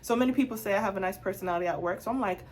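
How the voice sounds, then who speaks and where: A young woman vlogger telling a casual storytime, animated and acting out both sides of her conversations. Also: medium pitch, rapid-fire, a little hiss or hum.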